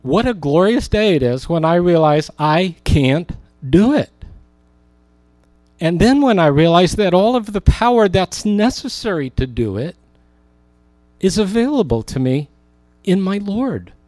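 A man preaching a sermon as a pastor, rising for emphasis and slowing down on key words. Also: sits high, very animated, darkish tone, no room sound.

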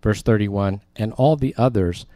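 A man's voice: on the low side, moderate pace, warm tone, no room sound. A male pastor preaching a sermon in a conversational way, with emphatic asides as he reads and explains scripture.

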